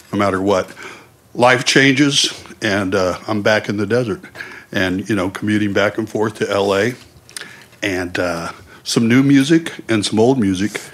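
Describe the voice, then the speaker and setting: A man's voice: fairly low pitch, a bit bright, a little hiss or hum. A man who is a musician introducing himself to a board in a laid-back, rambling way, with many fillers. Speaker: musician applying as vendor. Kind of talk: casual self-introduction.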